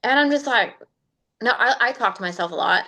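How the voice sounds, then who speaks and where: A woman telling her personal story on a group coaching call, chatty and animated, laughing often over a video call. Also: on the high side, brisk. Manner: chatty and animated, laughs often, slips into quoting her own self-talk.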